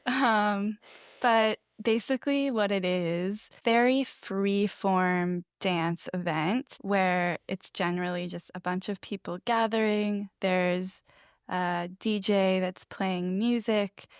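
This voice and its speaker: Young pacific northwest woman podcasting, giggly, slow easy talk, dry close mic. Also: medium pitch, clean tone, no room sound. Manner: giggly, laughs often. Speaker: podcast co-host. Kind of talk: casual chat.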